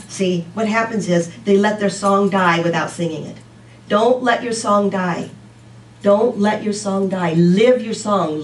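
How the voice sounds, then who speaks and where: A woman's voice: medium pitch, echoey room, far from the mic, a little hiss or hum, rough recording. A woman giving a casual, rambling sermon talk to a congregation, often laughing at herself. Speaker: speaker at a church service.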